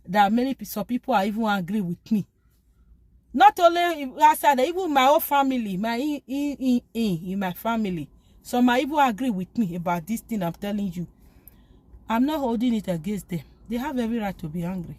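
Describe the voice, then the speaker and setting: A woman's voice: a little high, dry recording. A woman giving an informal spoken talk urging forgiveness, pleading and emphatic, often repeating phrases. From lives abroad, from back home elsewhere. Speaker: faith vlogger.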